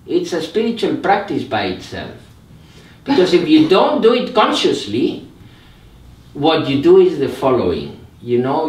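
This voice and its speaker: Slow older man teaching meditation, distant. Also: mid-range voice. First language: Spanish. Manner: slow, reflective, pauses with "mm" and "eh". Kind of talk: live meditation talk. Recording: echoey room, mic at a distance.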